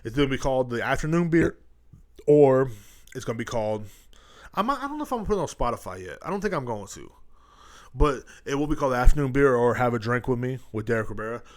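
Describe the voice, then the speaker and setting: A man's voice: medium pitch, animated, fast. A man hosting his own podcast, rambling and joking with heavy profanity, recorded at home. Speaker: podcast host. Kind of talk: casual comedic rant. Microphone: studio headphones and mic.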